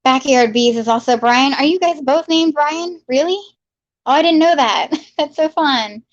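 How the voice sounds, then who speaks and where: Chatting casually on her livestream at home in Maryland, a high-voiced woman reads viewer comments aloud and offers upbeat hellos at a moderate pace. The sound is dry and lo-fi, a little muffled, with no echo.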